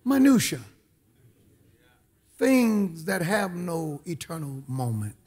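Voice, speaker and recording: A man's voice: high-pitched, big pitch swings, slow, darkish tone, breathy edge. A man preaching a sermon as a bishop, emphatic, repeating phrases and calling out amen.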